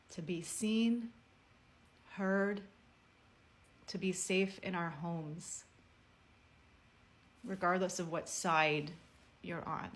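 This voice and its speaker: Earnest woman with a lowish voice. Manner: earnest, measured storytelling. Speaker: personal video speaker. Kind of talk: heartfelt personal message to camera.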